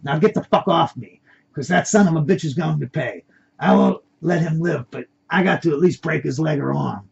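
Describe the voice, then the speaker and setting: Man reading an enraged masked thug, loud and threatening, rough raspy voice, dull lo-fi home recording. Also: on the high side, normal speed, heavily acted. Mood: furious. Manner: screaming threats. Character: angry foul-mouthed male kidnapper in a red mask.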